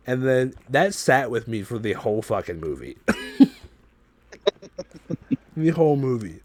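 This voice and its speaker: A man hosting a podcast, telling a story in a loose, profane, animated way. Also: mid-range voice, fairly quick, no room sound. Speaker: podcast host.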